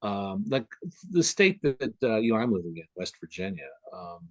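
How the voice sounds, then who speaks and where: Midwest-raised guy chatting on a video call, low voice, dry close sound, lots of ums. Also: big pitch swings, moderate pace, no echo. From Upper Midwest US. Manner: rambling, many fillers and restarts. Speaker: guest. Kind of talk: casual conversation on a video call.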